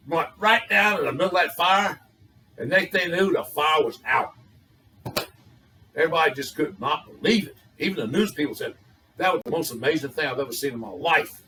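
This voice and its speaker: An older man with a drawl tells off-color jokes in a folksy, rambling way. His voice sits a bit high and sounds bright and forceful. He sounds some distance from the mic. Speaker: joke teller. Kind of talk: telling raunchy jokes.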